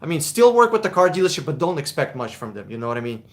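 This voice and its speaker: A man's voice: fairly high pitch, very animated, quick pace. A man hosting a live question-and-answer stream, talking bluntly and casually, swearing and repeating words as he thinks. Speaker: livestream host answering car questions.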